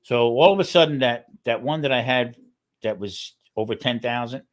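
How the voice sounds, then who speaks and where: A man on a casual podcast chat, talking in halting restarts and checking in with "okay?" as he goes. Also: mid-range voice. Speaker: guest keto cooking channel creator.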